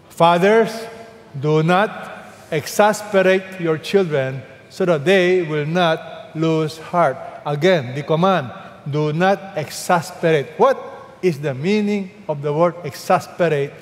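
A male pastor preaching a sermon, animated, calling on his congregation to read aloud with him. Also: a little high, long reverb tail.

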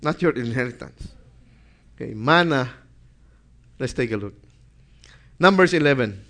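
In an unhurried, animated sermon, a man with a mid-range, slightly bright voice leaves long pauses as he reads scripture aloud, building in emphasis. He puts questions to the congregation and supplies the answers himself.

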